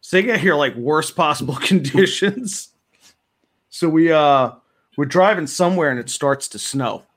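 A New man with a voice a touch higher than most. He spins casual anecdotes in podcast chat and chuckles through them. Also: expressive, fairly bright tone. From New Jersey, USA. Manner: storytelling, quick to laugh. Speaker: comic creator, guest.

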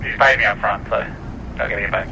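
Guy doing a cheeky aussie imposter pilot, fast and chirpy, plane rumble behind. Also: fairly even intonation, lightly acted. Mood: blunt. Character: cheeky male stranger turned hired captain impersonator. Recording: distant mic under aircraft rumble.

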